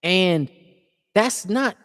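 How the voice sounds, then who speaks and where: A man's voice: high-pitched, expressive, drawn-out words, a bit bright, big-room sound. A man speaking in an impassioned, informal preaching style, earnest and repeating words as he builds his points.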